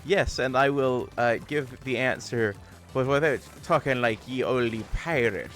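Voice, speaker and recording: A man's voice: medium pitch, measured pace, a bit bright, soft background music. A man streaming live, chatting casually with his audience and laughing often. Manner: chatty, laughs often, reads chat aloud.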